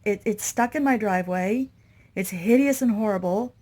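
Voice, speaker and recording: A woman's voice: mid-range voice, moderate pace, warm tone. A woman giving a casual, rambling walkthrough vlog inside an old motorhome, sounding stressed and overwhelmed as she talks straight to her viewers. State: overwhelmed and anxious. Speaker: vlogger renovating an old RV.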